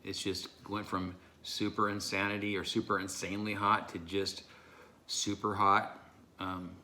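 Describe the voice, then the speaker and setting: A man vlogging a hot sauce challenge, his voice strained and breathy, gasping and pausing as he recovers. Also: low-pitched, sharp tone, a little hiss or hum. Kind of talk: casual vlog talk to camera.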